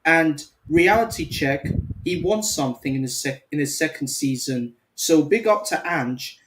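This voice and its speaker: A man with a fairly high voice joins a fan stream and winds the others up with a contrarian, teasing rant. He talks casually and keeps pushing his point. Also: expressive, unhurried, background noise. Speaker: guest fan. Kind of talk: casual chat.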